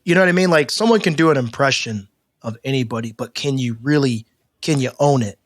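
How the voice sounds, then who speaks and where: A man co-hosting a podcast in casual chat, talking in stammering restarts and getting animated as he makes a point. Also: mid-range voice, a little fast, no room sound, studio quality. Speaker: podcast co-host.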